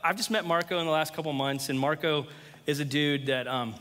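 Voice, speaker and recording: Male pastor, fervent sermon delivery, slightly high voice, long church-hall reverb. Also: fairly even intonation, a little fast, pushed and bright. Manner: impassioned, emphatic preaching.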